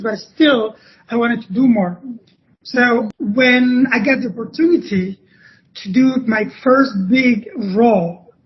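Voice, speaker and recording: A Spanish-speaking man from Cuba with a Cuban Spanish accent, a podcast guest telling stories in a halting way that often restarts phrases. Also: extremely high pitch, a little hiss or hum. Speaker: podcast guest, former ballet dancer. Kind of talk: conversational interview storytelling. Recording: dull lo-fi podcast audio.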